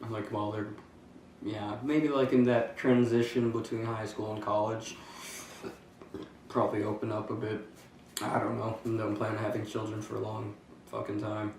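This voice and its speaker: A fraternity member giving a hesitant, casual interview answer, full of "like" fillers and the odd swear word. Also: male voice, lowish voice, flat delivery, moderate pace, a little mellow, very echoey, far from the mic, slight background noise, low-quality recording.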